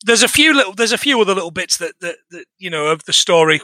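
A man's voice: high voice, expressive, fast, bright, forceful tone, no room sound. A man in his thirties co-hosting a podcast, chatting casually about a film in a rambling, sweary, exasperated way with many restarts. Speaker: podcast co-host. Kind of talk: casual comedic film review chat.

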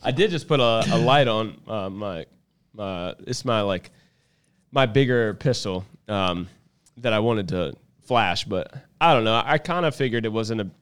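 A man with a smooth, resonant voice tells a story in a relaxed chat. He gets animated and acts out the lines he says in the story. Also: on the low side, a little slow. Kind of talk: casual chat.

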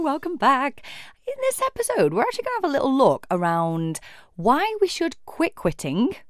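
A woman mindset coach talking alone on her podcast, expressive and acting out imagined voices. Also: mid-range voice, dry recording, studio quality. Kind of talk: solo podcast monologue.

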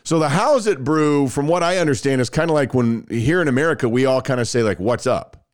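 A man's voice: medium pitch, lively intonation, quick pace. A man hosting a podcast, talking casually and chatting in a laid-back way with lots of fillers. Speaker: podcast host. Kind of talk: casual interview with ad read.

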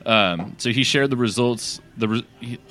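A man's voice: mid-range voice, normal speed, fairly bright tone. A man co-hosting a casual podcast from a sports bar, rambling through a news story with many fillers and frequent laughs. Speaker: podcast co-host reading news.

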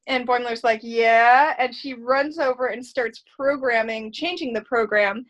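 A woman's voice: a little high, a little slow. A woman chatting casually as a podcast co-host, recapping an episode and acting out the characters' lines as she goes. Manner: animated retelling, acts out characters' lines.

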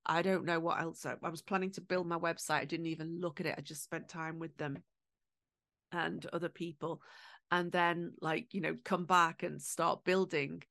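A woman's voice: deep voice, flat delivery, vocal fry, a bit bright, no room sound, studio quality. A middle-aged woman hosting a podcast, telling personal stories in a candid, emotional way. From England. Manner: emotional, candid, with swearing and quick asides. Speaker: podcast host. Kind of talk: personal storytelling monologue.

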